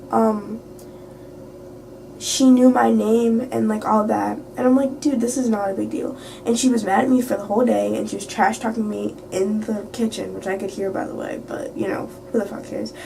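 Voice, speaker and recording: Teen girl vlogger, chatty filler-heavy rant, higher mellow voice, off-mic sound. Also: gravelly. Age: teens. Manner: rambling, filler-heavy, swears freely. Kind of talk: casual late-night storytime rant. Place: at home. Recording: distant mic, faint background hiss.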